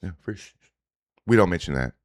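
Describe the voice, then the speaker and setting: A man's voice: deep voice, animated, fairly quick, no room sound, clean studio sound. A man hosting a casual reaction stream, talking in a profane, rambling way with indignant asides. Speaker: streamer host reacting to social media posts. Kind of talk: casual livestream reaction commentary.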